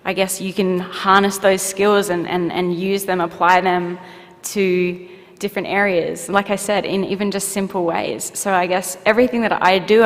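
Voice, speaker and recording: A young woman with an Australian accent, an award recipient answering on stage in an earnest, halting way with many fillers. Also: on the low side. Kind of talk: emotional on-stage interview. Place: ceremony hall. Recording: long echo of a hall.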